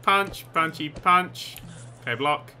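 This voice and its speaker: A man commentating over a video game he is playing, excitable and sarcastic, swearing often. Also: on the high side, slow pace, soft background music. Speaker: gaming commentator. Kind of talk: let's play commentary.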